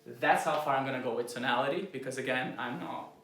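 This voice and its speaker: Croatian man coaching casually, roomy echo. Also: mid-range voice. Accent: American, learned as a second language. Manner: shifts loudness and speed for emphasis, drops soft and slow on key points; blunt and informal, swears. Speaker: copywriting coach. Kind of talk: casual instructional talk to camera.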